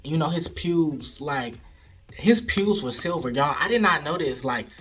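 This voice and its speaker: A man telling a frank, animated story straight to his viewers, casual vlog style, recorded at home. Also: on the high side, unhurried, soft background music. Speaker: storyteller vlogger.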